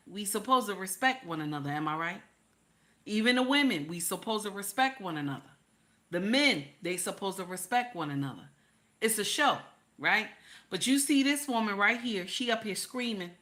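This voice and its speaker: A woman's voice: mid-range voice, bright, forceful tone. A middle-aged woman hosting a reaction video, talking emphatically and directly to her viewers in a preachy, casual way.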